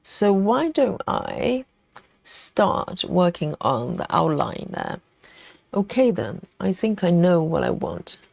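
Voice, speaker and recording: A woman's voice: lowish voice, very animated, slow, vocal fry, a little mellow, dry recording. A woman hosting a live cross-stitch stream, chatting casually, laughing often and thinking aloud as she stitches. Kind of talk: live stitch-along chat.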